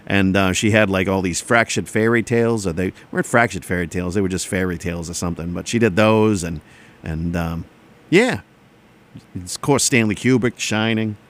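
A man's voice: low voice, moderate pace. A man hosting a casual radio show, rambling and self-deprecating in an offhand way. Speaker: radio DJ host.

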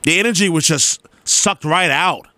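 Young man, talk host, emphatic and repetitive, higher voice, dry close sound. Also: moderate pace, dry recording. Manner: emphatic, repetitive, animated storytelling. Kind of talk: casual monologue to listeners.

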